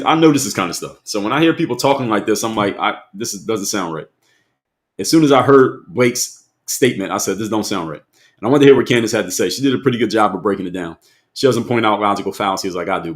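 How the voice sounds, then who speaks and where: A man's voice: fairly low pitch, fast talker. A man hosting a live stream, talking straight to his chat in an emphatic way, repeating his points and asking viewers questions.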